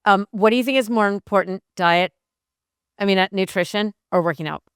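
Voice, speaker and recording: A woman hosting an interview, chatty with animated asides. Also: medium pitch, brisk, clear, resonant tone, no room sound, studio quality. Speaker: host. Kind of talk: interview conversation.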